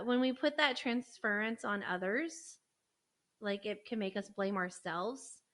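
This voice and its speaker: A woman co-hosting a casual podcast, talking through ideas in an easygoing, conversational way. Her voice sits in a middle pitch, and she fills her sentences with frequent "like"s as she explains. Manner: relaxed, explaining, frequent "like" fillers. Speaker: podcast co-host. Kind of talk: casual chat.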